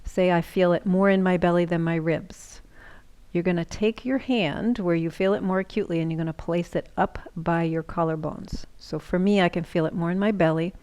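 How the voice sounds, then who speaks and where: A woman yoga instructor giving calm, slow breathing cues, sometimes dropping into a whisper. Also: lowish voice, smooth.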